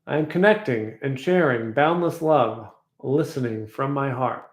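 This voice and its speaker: A man telling a personal story in a casual vlog, reflective and rambling, slowly repeating affirmations. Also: mid-range voice, echoey room. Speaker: vlogger.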